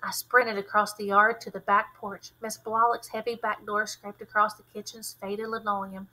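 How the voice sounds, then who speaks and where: A woman teacher reading a novel aloud with expressive, fluent narration. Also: mid-range voice, normal speed, poor audio.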